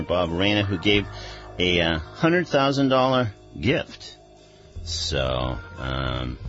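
A man hosting a radio show, relaxed and full of fillers, reading local news and introducing a guest. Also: lowish voice, muffled recording. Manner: relaxed, filler-heavy, lively intonation. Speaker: radio host. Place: radio studio. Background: faint instrumental music.

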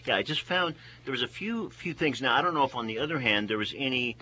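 A man hosting a casual talk, speaking haltingly with frequent restarts. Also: medium pitch, expressive, bright, forceful tone, husky, rough recording. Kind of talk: casual discussion.

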